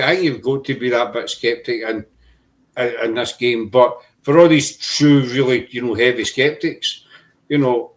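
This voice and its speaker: A man hosting a casual chat, talking in a rambling way and often repeating himself. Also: medium pitch. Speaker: podcast host.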